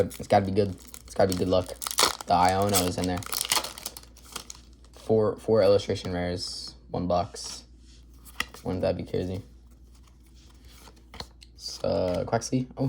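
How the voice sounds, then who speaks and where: A man's voice: sits low, fairly even intonation, moderate pace, gravelly, pauses often, a little mellow, slight background noise. A man hosting a casual card-opening video, upbeat and chatty, rattling off card names as he goes. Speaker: card collector video host. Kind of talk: casual pack-opening commentary.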